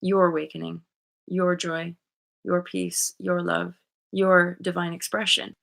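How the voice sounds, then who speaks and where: A woman with a bright, forceful voice talks through spiritual ideas in an unscripted monologue. She rambles and circles back, leaning on "like" and dropping the odd curse word. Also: on the low side, level tone, measured pace, vocal fry. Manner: rambling, loose, sprinkled with "like" and swearing. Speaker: spiritual coach and channel host.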